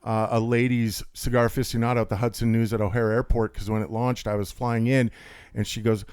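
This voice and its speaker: A man's voice: little pitch movement, fairly quick, darkish tone, clean tone, dry recording, studio quality. A man, the guest on a podcast, telling rambling stories with lots of energy and jokes. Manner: high-energy, talkative, jokey, does voices for quotes. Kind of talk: rambling storytelling chat.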